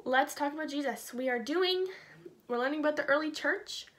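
A woman's voice: high voice, a little fast, a bit bright. A woman teaching a casual children's Bible lesson from home, bubbly and chatty with lots of "like". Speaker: kids' church teacher.

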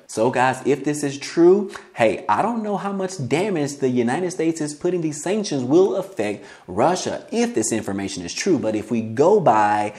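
Guy reading money news then chatting about it, middle pitch, keeps saying guys. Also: animated, moderate pace, few pauses, a little mellow. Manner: casual, keeps addressing viewers as guys. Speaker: finance news host.

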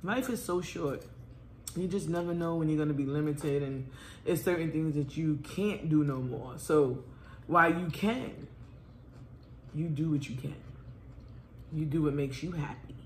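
A woman's voice: low voice, measured pace, long pauses. A middle-aged woman talking candidly about motherhood with her daughter over a meal at home, blunt and swearing freely. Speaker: mother of the host, guest. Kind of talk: casual family chat over a meal. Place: room at home. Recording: roomy echo, faint background noise.

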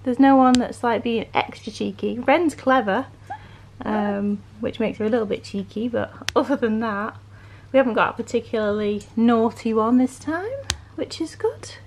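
A woman's voice: on the high side, moderate pace, darkish tone, slight background noise. Chatty woman vlogging at home. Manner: chatty, rambling, with frequent ums. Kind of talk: casual vlog chat. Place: home with puppies.

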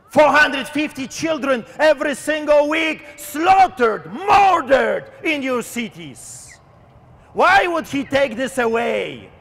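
High, fervent shouting street preacher man. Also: in a large hall. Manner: fervent, declamatory, often shouting. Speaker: street pastor. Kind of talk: open-air street sermon. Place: outdoors in the wind.

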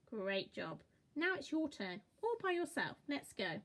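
Lively, slow-paced woman teaching phonics. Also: medium pitch. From England. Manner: slow, encouraging, exaggerated sound-by-sound modelling. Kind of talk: children's phonics lesson.

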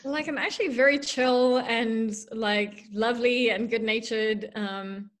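Her voice sits on the high side, steady, unhurried, and a bit bright. A South African author joining a casual video-call interview as a guest, she chats with lots of fillers and self-deprecation, and her mixed accent drifts between American and Irish tones.

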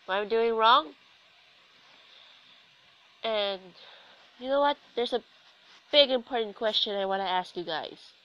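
Her voice is on the high side, a little slow, and broken by frequent pauses. She's a young woman with a sore throat from illness, casually commentating a video game with chatty, sarcastic, self-mocking let's-play talk. The recording sounds dry and dull.

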